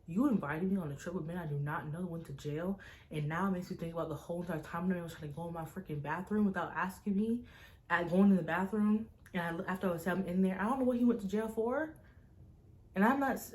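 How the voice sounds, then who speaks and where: A young woman, a vlogger, recounting a personal story to camera in an animated, tense way, full of fillers. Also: lowish voice, a little fast. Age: young adult. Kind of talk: casual storytime vlog.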